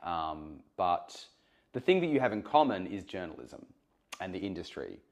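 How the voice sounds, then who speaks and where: A man's voice: low-pitched, moderate pace. A man, speaking as a podcast guest. He tells his stories eagerly and with animation, tripping over and restarting phrases as he goes. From Australia. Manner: animated, eager, self-interrupting anecdotes. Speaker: journalist and broadcaster guest. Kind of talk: conversational storytelling.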